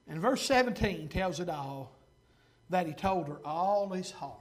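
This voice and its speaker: A man with a strikingly high voice, preaching with fervor. He swings between shouting and quiet confiding, drawing out scripture verses slowly. His asides to the congregation are plain and folksy. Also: animated. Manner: fervent, swinging from loud to hushed, folksy asides; reads scripture slowly and deliberately. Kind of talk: sermon.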